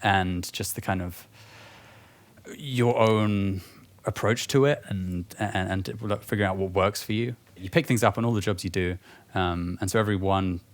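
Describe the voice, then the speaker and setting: Laid-back young British man, low voice. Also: moderate pace. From United Kingdom. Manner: chatty, laughs often, many fillers and restarts. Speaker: guest actor. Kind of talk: casual podcast chat.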